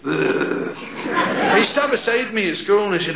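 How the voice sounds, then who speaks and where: A man doing stand-up, telling a profane story in an animated way and shouting out impressions. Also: high voice, slow, vocal fry. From Scotland. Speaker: stand-up comedian. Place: large theatre stage. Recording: echoey live theatre with loud crowd.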